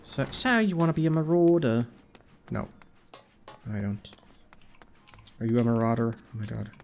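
Faint game music and typing on a keyboard underlie this gaming streamer's casual commentary. He's blocked up and nasal, rambling profanely and grumbling at the game, in an expressive, medium-pitched, darkish voice at normal speed, with a slight hiss or hum.

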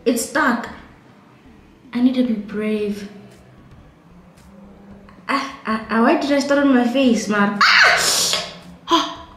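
A woman's voice: a little high, slow, pauses often. A young woman vlogging casually at home, chatty and exclamatory, yelping now and then. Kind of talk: casual vlog narration. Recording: very echoey room, faint background noise.

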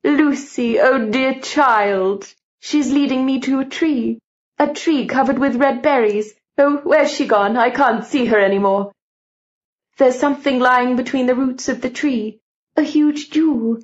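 A woman doing a high, entranced old great-aunt seer. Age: older. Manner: breathless, rising to frantic cries. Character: elderly great-aunt seer lost in a frightened vision. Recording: dull lo-fi recording.

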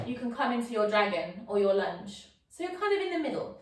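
A woman's voice: on the high side, big pitch swings, fairly quick, echoey room, recorded from a distance, slight background noise. A woman leading an online yoga class for young children, playful and sing-song as she calls out poses and games. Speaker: kids yoga teacher.

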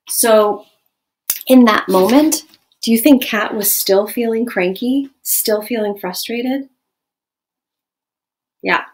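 A woman from a school giving a recorded video lesson to children, gentle and patient, often asking them questions. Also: fairly low pitch. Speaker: school staff member teaching students.

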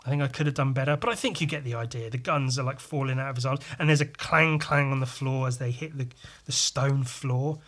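A man hosting a podcast, chatting casually and excitably, with lots of swearing and homemade sound effects. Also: mid-range voice, brisk. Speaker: podcast host and comic artist. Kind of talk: casual chat walking through comic pages.

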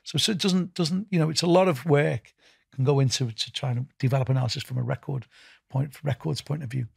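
A man's voice: medium pitch, fairly even intonation, brisk, gravelly, darkish tone, breathy edge, no room sound, studio quality. A middle-aged man with a Liverpool accent, being interviewed as a festival founder, rambling with lots of restarts and "you know". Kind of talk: casual interview talk.

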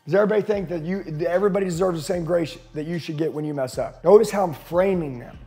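Forceful, profane male sales coach. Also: on the high side. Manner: intense, emphatic and profane, with rapid rhetorical questions. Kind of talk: motivational business coaching talk.

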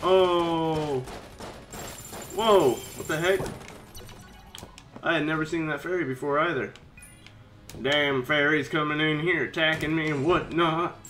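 A man giving casual let's-play commentary, rambling and chatty with sudden excited yelps. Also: on the high side, takes it slowly, pauses often, soft background music. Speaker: game commentator.

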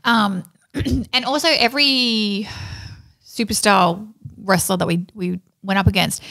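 Woman podcast co-host, mid-range voice, chatty and jokey, quick asides. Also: medium pitch, fairly even intonation, vocal fry, pushed and bright. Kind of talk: casual chat.

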